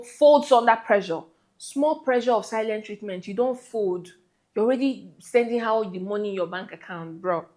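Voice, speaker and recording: A woman giving relationship advice straight to her viewers in an emphatic, scolding way. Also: a little high. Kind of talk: direct-to-camera advice talk.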